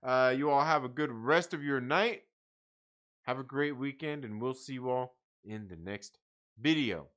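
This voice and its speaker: A man's voice: mid-range voice, unhurried, a bit bright. A tired man hosting a casual live stream, reading out viewer comments and chatting in a rambling, profane way with frequent laughs. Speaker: livestream host.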